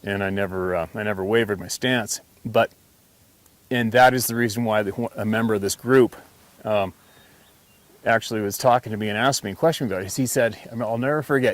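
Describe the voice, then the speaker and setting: A man's voice: lowish voice, a little fast. A man hosting a hunting channel, telling a story in a casual, earnest, emphatic monologue full of restarts.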